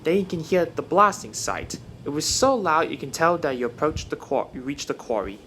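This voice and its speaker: Guy putting on a high eager little tank engine, cheery and helpful, bouncy voice. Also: very animated, normal speed, a bit bright, a little hiss or hum. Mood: cheerful. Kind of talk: fan storytelling.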